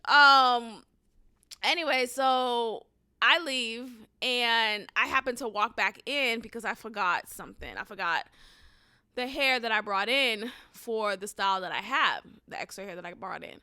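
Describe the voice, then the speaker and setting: A woman hosting a podcast, telling a story in a casual, animated and profane rant. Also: a little high, a little slow, smooth, dry recording, clean studio sound. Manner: animated, profane, emphatic ranting. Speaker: podcast host.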